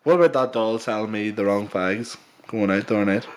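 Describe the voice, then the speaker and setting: A man's voice: lowish voice, steady tone, brisk, slight background noise. A young man co-hosting a podcast, chatting casually with a friend, laughing and swearing. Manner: laughing banter, swearing, local slang. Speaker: podcast co-host. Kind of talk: casual chat.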